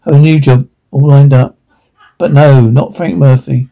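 Brief: a cartoon blue-collar dad, gravelly and mellow, profane ranting with self-pity. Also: male voice, mid-range voice, fairly even intonation, measured pace. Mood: despairing. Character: blue-collar father, broke and bitter. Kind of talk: animated comedy voice acting.

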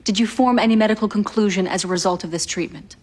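An actress playing a composed female defense attorney questioning a witness in a TV legal drama, formal and measured. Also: medium pitch, a little mellow, close to an everyday voice.

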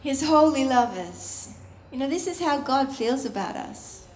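A woman preaching a sermon, expressive, with bursts of laughter and sung phrases. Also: high-pitched, a little slow, roomy sound.

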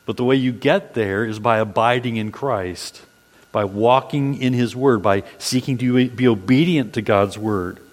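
A man's voice: medium pitch, measured pace. Man, pastor, preaching, earnest, repetitive cadence, church hall reverb. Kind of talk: sermon. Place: church sanctuary.

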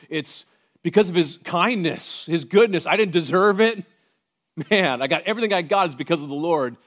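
A man preaching a sermon to his congregation. He moves between hushed, intimate passages and loud, emphatic ones, with conversational joking asides. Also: sits high, expressive, normal speed. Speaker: pastor.

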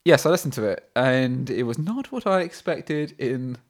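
A man's voice: mid-range voice, animated, normal speed. Dry-witted man on a podcast. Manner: dry, wry interjections. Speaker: podcast co-host. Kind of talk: casual chat. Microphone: studio mic.

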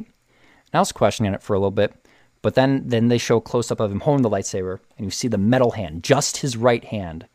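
A man casually retelling a TV episode with excitement, often restarting and repeating words. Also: lowish voice, a little fast, no echo, clean studio sound. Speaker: show recap host.

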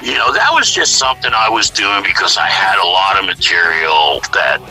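Sharp-voiced man telling stories animatedly. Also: low-pitched, normal speed, soft background music, poor audio. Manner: animated storyteller, acts out quotes, swears freely. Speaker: musician guest. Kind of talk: casual interview talk.

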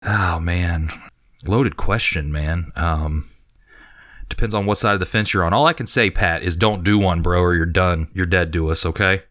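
A man's voice: deep voice, normal speed, fairly bright tone, dry recording, clean studio sound. A man hosting a podcast in casual chat, joking around, laughing easily and swearing. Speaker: podcast host.

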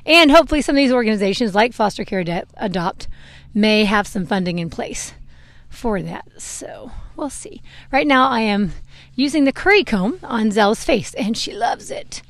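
A young woman's fairly high, animated voice moves at a moderate pace as she grooms her horse outdoors and vlogs. She chats casually, wanders off topic a little, and laughs at her own flubs. A clip-on mic keeps the recording dry.

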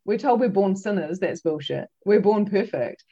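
A woman, a psychic medium and podcast guest, telling a story in an animated, emphatic way with many fillers. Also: medium pitch, moderate pace, dull audio. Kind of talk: casual storytelling chat.

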